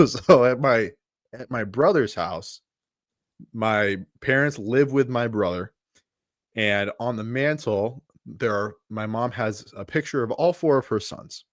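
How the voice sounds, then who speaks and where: A man's voice: mid-range voice, slow, dry recording, clean studio sound. A man co-hosting a live podcast as a coach, telling stories in a chatty way and laughing at himself. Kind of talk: casual live podcast chat.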